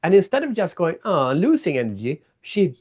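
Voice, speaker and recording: A man guest in a casual interview, telling stories in an animated way and acting out people's reactions. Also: sits high, normal speed. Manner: animated storyteller, acts out reactions. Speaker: guest, keynote speaker and author.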